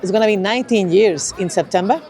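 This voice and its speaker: Mellow-voiced woman, chatty. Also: mid-range voice, fast, faint music behind. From Mexico. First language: Spanish. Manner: chatty, laughs between phrases. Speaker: interviewee. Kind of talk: casual interview.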